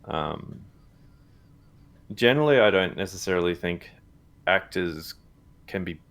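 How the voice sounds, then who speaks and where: A man co-hosting a live watch party, chatting casually about a TV episode in a halting way, with many fillers, restarts and chuckles. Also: low voice, expressive, a bit bright. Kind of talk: casual chat reacting to a TV episode. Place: live stream setup.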